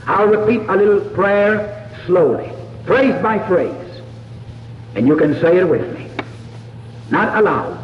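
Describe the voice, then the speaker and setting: Earnest preacher man, lively pitch, echoing hall. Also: a little hiss or hum. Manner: earnest, pleading, slow deliberate phrasing. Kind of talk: sermon altar call. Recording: dull lo-fi echoey hall from far off.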